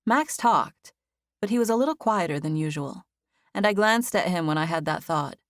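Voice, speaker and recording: A woman narrating a contemporary first-person novel as an audiobook, with a gentle storytelling manner. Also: fairly low pitch, lively intonation, normal speed, no echo, clean studio sound.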